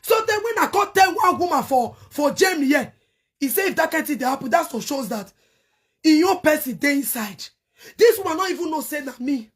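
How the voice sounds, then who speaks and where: A middle-aged Nigerian woman hosting her online show, angrily cursing and shouting in bursts as she rants to her viewers. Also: high voice, animated, brisk. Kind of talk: heated rant to viewers.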